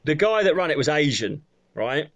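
Crude, animated storyteller. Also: male voice, a little high, normal speed. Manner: rambling, crude, laughing. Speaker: podcast co-host. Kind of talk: comic storytelling.

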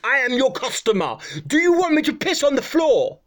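A man doing a swearing Welsh customer, high. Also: sing-song, racing, a bit bright, heavily acted. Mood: demanding. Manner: crude, swearing, insistent. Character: angry male customer demanding the toilet.

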